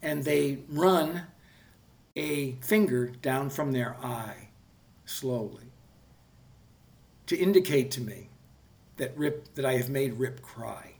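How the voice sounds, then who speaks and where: Gravelly man telling a story. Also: medium pitch, slow pace, pauses often, darkish tone. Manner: rambling, self-correcting, swears freely. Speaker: podcast guest, TV producer. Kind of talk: casual anecdotal storytelling.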